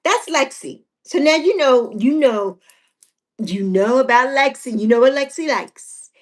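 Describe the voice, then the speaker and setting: A woman's voice: high-pitched, animated, a little slow. A woman in her sixties hosting a casual livestream chat, chatty and repetitive, reading out viewer comments and laughing often. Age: 60s. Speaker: livestream host.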